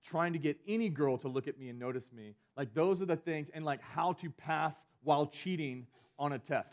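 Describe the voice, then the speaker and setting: A man's voice: on the high side, a little fast. A young man, a student ministry pastor giving a conversational youth sermon, full of "like" fillers as he retells a personal story. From Georgia.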